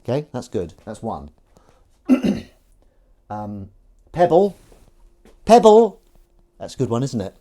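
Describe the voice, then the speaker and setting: A man's voice: on the low side, animated, a little slow, pauses often, mellow. A man hosting a live stream, chatting casually and playfully while doing the washing up in his kitchen. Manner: playful, chatty, jumps into sing-song voices. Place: home kitchen at the sink.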